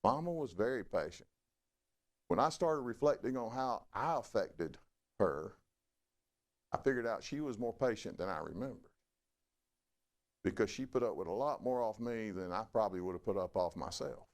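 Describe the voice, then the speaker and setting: A man's voice: moderate pace, pauses often. A middle-aged man preaching a sermon in a folksy, conversational way. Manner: folksy, conversational preaching with lively swings in pitch. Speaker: pastor.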